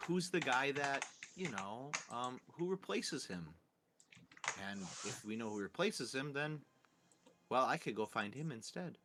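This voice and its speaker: A man's voice: medium pitch, lively intonation, unhurried, background noise. Man thinking aloud as a game player. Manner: thinks aloud, restarts and repeats words. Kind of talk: casual tabletop game chat.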